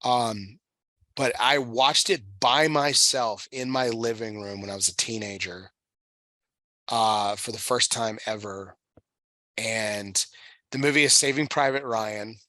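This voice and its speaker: A man in his thirties, a podcast host, chatting emotionally with halting restarts and casual swearing. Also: fairly low pitch, bright, forceful tone, no room sound. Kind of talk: casual chat.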